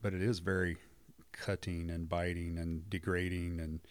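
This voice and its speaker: A man who works as a marriage counselor, talking earnestly in a relaxed conversation and often murmuring agreement. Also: low voice, moderate pace, no echo. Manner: earnest, affirming, many back-channel hums. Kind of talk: conversational podcast discussion.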